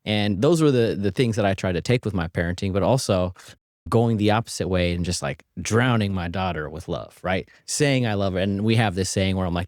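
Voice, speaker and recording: A man's voice: lowish voice, moderate pace, a little mellow, no room sound, studio quality. A man hosting a podcast, affirming and encouraging his guest in a candid conversation and reflecting back what he hears. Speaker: podcast host.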